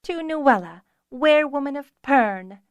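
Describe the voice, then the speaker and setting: A woman's voice: mid-range voice, expressive, unhurried, no echo, studio quality, natural voice. A woman reading a shy, lovesick young girl rider who pipes up and blurts things out. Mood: eager.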